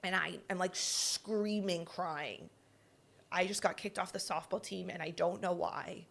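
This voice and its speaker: A woman's voice: lowish voice, a little slow, creaky. A young woman co-hosting a podcast, telling a personal story casually and acting out the voices she quotes. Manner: animated, acts out quoted lines. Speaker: podcast co-host.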